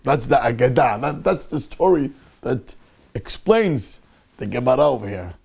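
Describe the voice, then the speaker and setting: A man's voice: medium pitch, moderate pace, vocal fry, breathy edge. A male rabbi teaching a Torah class, telling a story with animation and acting out the people in it. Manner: animated storyteller who acts out the people in his tale.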